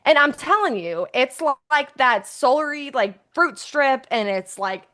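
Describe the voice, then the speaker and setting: A woman's voice: sits high, expressive, measured pace, sharp tone. A woman who is a pediatric nurse practitioner, talking as a guest in a casual, chatty way with many filler words. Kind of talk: casual conversation.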